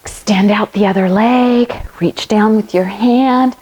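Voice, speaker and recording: A woman's voice: mid-range voice, fairly even intonation, measured pace, hardly any pauses, darkish tone, breathy edge, rough recording. A woman leading a children's yoga lesson in a playful, make-believe storytelling manner.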